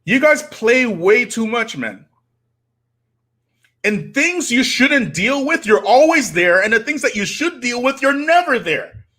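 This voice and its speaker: A man's voice: extremely high pitch, big pitch swings, a little slow, bright, forceful tone. A man, hosting a live stream and preaching to his audience with rhetorical challenges. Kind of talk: impassioned live-stream commentary.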